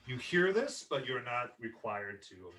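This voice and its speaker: A man narrating a tabletop game as game master, halting and full of ums and repeated words. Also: medium pitch, very animated, distant mic, background noise.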